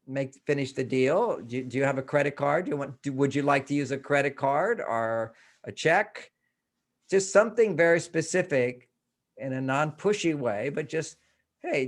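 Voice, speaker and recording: An older man, a guest author, talking in a relaxed interview and acting out bits of dialogue as he tells stories. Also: on the high side. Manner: animated storytelling, acts out quoted dialogue, laughs often. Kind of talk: conversational interview.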